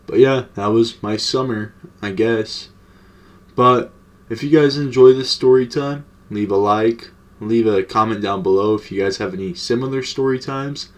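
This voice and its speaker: A young man telling a casual, slangy, profane story to his vlog audience. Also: lowish voice. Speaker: storytime vlogger.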